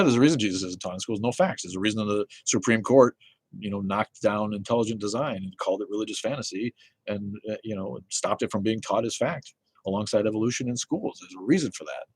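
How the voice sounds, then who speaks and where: Husky-voiced man ranting on a livestream. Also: on the low side, no room sound. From Connecticut, USA. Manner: profane, heated ranting. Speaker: livestream host. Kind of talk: live-stream rant and chat with viewers. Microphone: phone.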